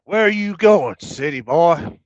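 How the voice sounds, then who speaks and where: A man voicing a gruff drawling Southern trucker with a put-on American Southern accent. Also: on the high side, expressive, takes it slowly, no echo, lo-fi sound, voice pushed up. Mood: taunting.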